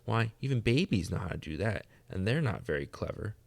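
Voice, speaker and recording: A man reading aloud, voicing an earnest, gentle young girl in a raised voice. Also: big pitch swings, fairly quick, gravelly, exaggerated voice. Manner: raised pitch, bright and eager.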